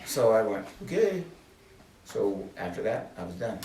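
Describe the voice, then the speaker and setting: A man's voice: on the low side, fairly even intonation, normal speed, vocal fry, mellow, slight background noise. Earnest older man, roomy and distant. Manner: earnest, preacherly emphasis with repeated phrases. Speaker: ministry speaker. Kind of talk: testimony talk to a small group.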